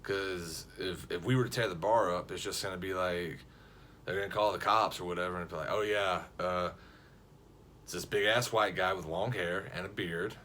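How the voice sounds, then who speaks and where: Casual low-voiced man telling a story. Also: a little hiss or hum. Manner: animated, jokey, frequent restarts and quoted voices.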